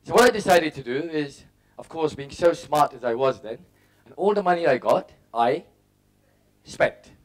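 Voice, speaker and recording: This English motivational speaker, a middle-aged man, has a fairly high voice with lively intonation and speaks at normal speed. He tells personal stories, acting out his thoughts in brief, punchy bursts.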